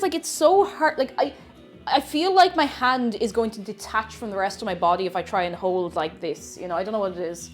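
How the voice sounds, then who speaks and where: A woman's voice: on the high side, a little fast, faint music behind. A woman chatting casually to viewers while cooking on a livestream, greeting them and laughing at herself. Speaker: streamer.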